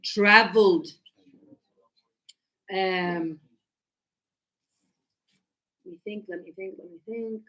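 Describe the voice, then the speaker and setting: A woman teaching an English grammar lesson to a class, animated and teasing, acting out her students' replies. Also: on the low side, slow, pauses often.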